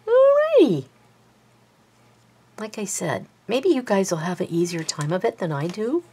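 A woman's voice: lowish voice, animated, normal speed, a little mellow, slight background noise. A woman giving a hands-on craft tutorial, chatty and self-deprecating, muttering to herself as she works. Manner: mutters and whispers to herself while working. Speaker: bookbinding crafter.

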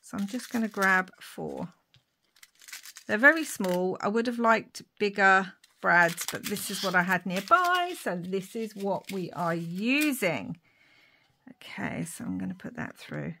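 Lady doing a craft tutorial at her desk, slow and chatty, little whispers here and there. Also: medium pitch, big pitch swings, gravelly, slight background noise. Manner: thinks aloud while working, with frequent fillers and asides; drops to soft whispers between remarks. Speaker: papercraft vlogger.

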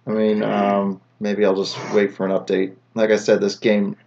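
A man's voice: fairly low pitch, completely flat delivery, moderate pace, vocal fry, darkish tone, muffled recording. A man hosting a let's play, joking and talking to the game as he plays. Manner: jokey, talks to the game. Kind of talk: gameplay commentary.

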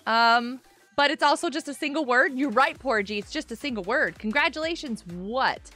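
A woman hosting a casual gaming live stream, chatting with viewers in a bubbly, animated way with gasps and laughs. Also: high voice, moderate pace. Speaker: livestream host.

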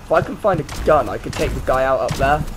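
A man's voice: medium pitch, quick pace, background noise. A man giving let's play commentary, jumpy and prone to swearing, yelping and shrieking when startled. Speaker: gaming YouTuber.

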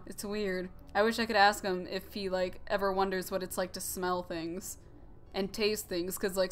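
A woman's voice: medium pitch, fairly bright tone. A young woman chatting her way through a point-and-click game, giggling and tossing out jokes and tangents in a mid-range voice. Faint game music sits under her talk. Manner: giggly, joking, rambling asides. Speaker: let's play host. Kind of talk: casual gameplay commentary.

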